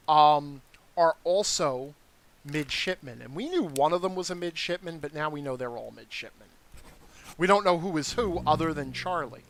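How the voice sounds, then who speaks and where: Bright, lively man explaining a game. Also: a little high, a little hiss or hum. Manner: patient, lecturing, explains details step by step; reads and answers live chat. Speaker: game streamer. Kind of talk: methodical explanatory playthrough commentary.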